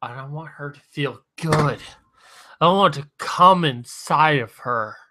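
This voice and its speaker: A drunk man talking to his stream viewers with slurred, halting speech, sometimes very soft. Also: on the high side. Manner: talks softly at times. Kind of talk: drunken livestream monologue.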